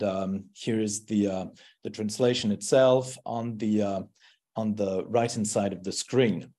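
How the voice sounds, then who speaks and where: Guy lecturing on a video call, measured, some uh and um. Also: mid-range voice, darkish tone. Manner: measured, with hesitant fillers. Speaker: academic speaker. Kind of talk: academic lecture.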